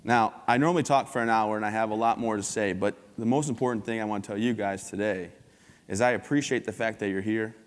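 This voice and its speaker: A man's voice: fairly low pitch, fairly even intonation, fast talker. Upbeat joking man on a stage. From United States. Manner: joking, upbeat storyteller acting out dialogue. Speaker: keynote speaker. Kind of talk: motivational stage talk with jokes. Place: conference hall stage before an audience. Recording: long hall reverb.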